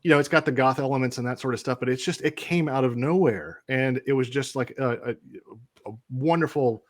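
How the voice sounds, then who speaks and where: A man's voice: mid-range voice, brisk. A man in casual podcast chat, speaking in a reflective, earnest way.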